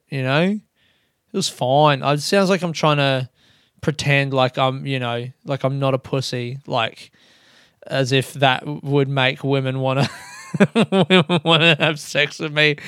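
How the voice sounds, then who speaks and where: Young Australian male podcaster, crisp smooth voice, dead-dry close mic, casual sweary storyteller. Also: medium pitch, unhurried, a bit bright, no room sound. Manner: sweary, self-mocking, laughs often. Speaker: podcast host.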